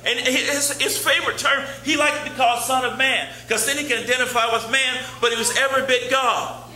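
A man's voice: extremely high pitch, fairly even intonation, brisk, pushed and bright, echoey room, low-quality recording. A man preaching a sermon as pastor, talking in a conversational way, repeating key phrases and reading scripture aloud. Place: church sanctuary.

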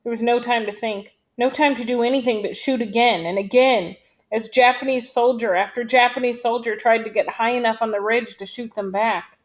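A woman reading a novel aloud in a steady, measured storytelling manner. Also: a little high. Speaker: audiobook reader.

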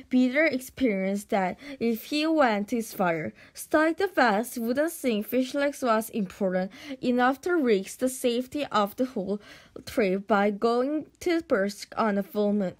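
A woman reading a children's novel aloud in an animated storytelling manner, with slips and restarts. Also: fairly high pitch, a little slow. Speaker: audiobook reader.

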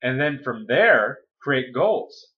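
Male coach, mid-pitched, chatty motivational delivery, keeps checking in with listeners, dull lo-fi recording. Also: big pitch swings, slow pace. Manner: conversational, often checks in with "okay?" and "right?". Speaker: weight-loss coach. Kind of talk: casual motivational talk.

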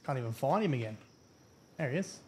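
A man's voice: medium pitch, lively intonation, a little fast, a little mellow, slight background noise. A man giving casual, profane, rambling live-stream commentary as a game streamer.

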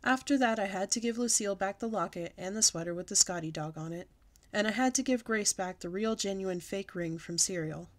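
A woman reading a children's book aloud, with a lively, expressive storytelling manner. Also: medium pitch, fairly quick.

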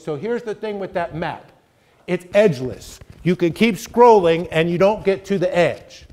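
Middle-aged male guest lecturer, slightly high voice, emphatic and chatty, keeps asking "right?". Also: a little mellow. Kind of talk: conversational college lecture.

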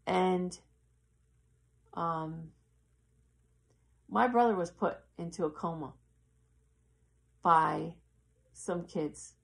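Gravelly-voiced woman telling a story. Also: on the low side. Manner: halting, earnest, acts out quoted voices. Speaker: yoga teacher. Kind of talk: casual spoken storytelling.

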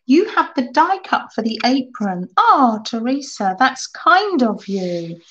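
A woman hosts a relaxed live craft stream, taking her time and reacting eagerly to viewers' ideas. Her fairly high voice swings up and down with lively pitch. The recording sounds a little dull and lo-fi. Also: slow. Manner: chatty, enthusiastic, answers live chat comments. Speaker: crafting channel host.

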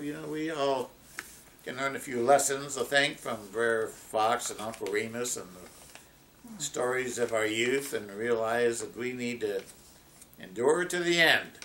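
Slow-talking pastor guy telling a story to his congregation, unhurried. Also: medium pitch, a bit bright, a little hiss or hum. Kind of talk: sermon with storytelling.

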